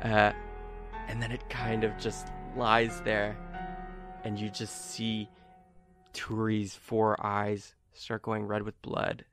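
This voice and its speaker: A man narrating as game master in a tabletop game, animated and often laughing. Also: on the low side, slow, over music.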